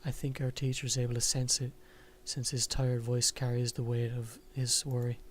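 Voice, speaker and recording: A man's voice: mid-range voice, monotone, normal speed, slight background noise. A man playing a visual novel game, reading its narration aloud with frequent restarts and casual asides. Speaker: game streamer.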